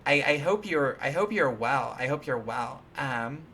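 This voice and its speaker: A man's voice: mid-range voice, animated, a little slow, pushed and bright, slight background noise. A man hosting a live stream, chatting casually while coding, rambling and playful, with many restarts and fillers. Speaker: livestream host.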